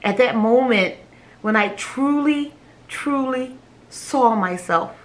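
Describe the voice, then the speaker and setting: A woman, a mother, telling a personal story to camera in a halting, emotional way, often repeating her words and laughing between phrases. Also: fairly high pitch. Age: adult with children. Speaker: vlogger sharing a personal story.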